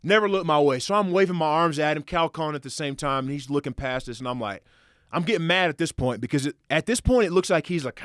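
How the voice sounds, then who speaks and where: A man as a podcast guest, telling a hunting story in casual, animated and profane style, acting out quotes. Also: a little high, brisk, dry recording, clean studio sound. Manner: animated, profane, excitable retelling with acted quotes.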